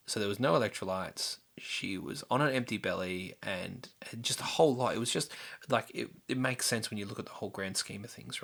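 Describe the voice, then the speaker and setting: A man's voice: fairly low pitch, vocal fry, sharp tone. A young man telling a personal story in a candid, rambling way, full of fillers and restarts. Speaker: podcast host.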